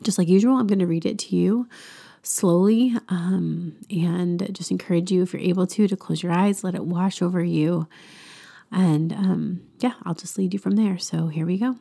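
A woman hosting a devotional podcast, talking in an earnest, chatty way with soft laughs. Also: lowish voice, normal speed, vocal fry, slightly rough. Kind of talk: casual faith podcast talk.

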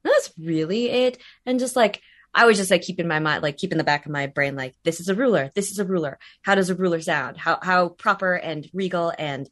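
Brisk and fairly bright, with a fairly low pitch, a woman who does voice acting rambles through a casual interview as a guest. She laughs easily and keeps restarting, peppering her speech with fillers.

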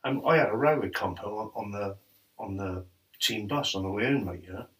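A middle-aged man telling animated football stories in casual chat, laughing often. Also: lowish voice, brisk. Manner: laughs often, animated anecdotes, quotes others. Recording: distant mic with faint noise.

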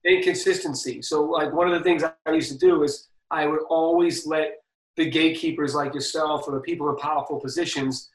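High-voiced man telling stories fast. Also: fairly even intonation, roomy sound, far from the mic, poor audio. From Boston. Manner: fast, slangy, filler-heavy talk. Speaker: DJ and guest. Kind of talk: casual storytelling interview.

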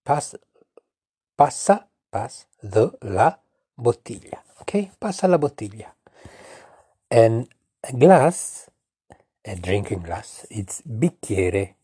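Slow-talking Italian-accented dad. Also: male voice, fairly low pitch, sing-song, warm tone, breathy edge, no echo, clean studio sound. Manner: patient, repeats words slowly and coaxes the listener. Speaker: father teaching his daughter. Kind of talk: casual home language lesson.

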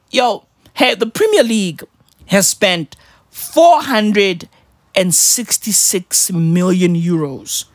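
A man's voice: high-pitched, no echo, clean studio sound. A man in his thirties delivering a profane, slangy comedic rant, constantly asking "right?". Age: 30s.

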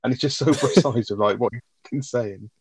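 Fast-talking man, rambling film chat. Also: mid-range voice, breathy edge. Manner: fast, rambling, swears often, laughs a lot. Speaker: podcast co-host. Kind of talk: casual film review chat.

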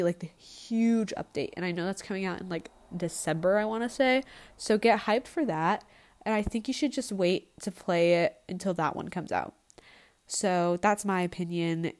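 A woman's voice: mid-range voice, darkish tone. A young woman hosting her own casual podcast, talking in a rambling, blunt and profane way without a proper microphone. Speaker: podcast host. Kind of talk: casual solo podcast chat.

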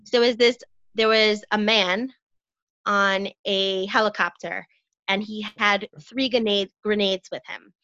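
A woman guest in a casual conversation, chatty and jokey, quick to laugh. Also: mid-range voice, steady tone, sharp tone, highs cut off.

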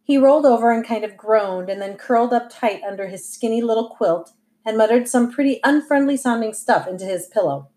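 A woman reading a novel aloud as audiobook narration, telling it in a lively, wry way. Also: a little high, a little fast. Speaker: audiobook reader.

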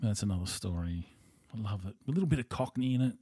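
A man's voice: on the low side, expressive, fast, mellow, slightly rough, no room sound, studio quality. An Australian man rambling through a casual monologue as a podcast host, blunt and profane.

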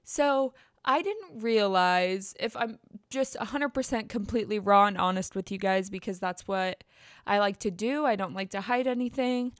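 A woman's voice: mid-range voice, moderate pace, no echo, studio quality. A young woman hosting her own podcast in a casual solo chat, candid and rambling, with frequent restarts and self-deprecating asides, speaking indoors at home at her computer. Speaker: podcast host.

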